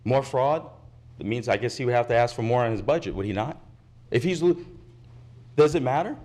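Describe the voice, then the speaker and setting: At a county commission meeting, a resident steps to the podium microphone for public comment, impassioned, indignant and insistent, repeating his points. His medium-pitched voice is a little mellow, and he speaks briskly.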